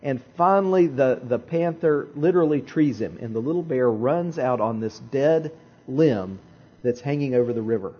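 A man preaching a sermon, telling a story in an animated way with dramatic pauses and repeated phrases. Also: mid-range voice, breathy edge, dull audio. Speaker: pastor.

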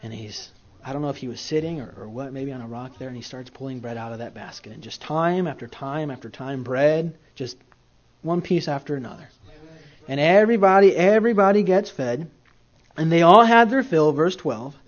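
A man preaching a sermon in a conversational storytelling way, swinging between loud and soft. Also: fairly high pitch, normal speed, highs cut off.

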